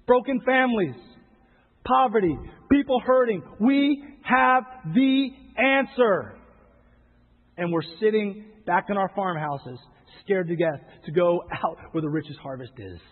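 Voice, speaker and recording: Male pastor, fervent sermon delivery, slightly high voice, long reverb of a big hall. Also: husky, narrow, tinny audio. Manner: impassioned, pleading, rising to loud exhortation.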